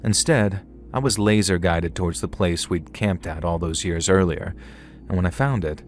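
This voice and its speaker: A man's voice: deep voice, normal speed, faint music behind. A man narrating a first-person horror story in a conversational tone with dry humour.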